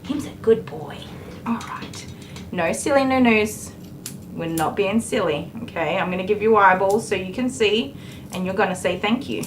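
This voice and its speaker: A woman's voice: medium pitch, moderate pace, noisy background. An Australian woman working as a dog groomer on a live stream. She jokes with viewers and soothes the dog with baby talk.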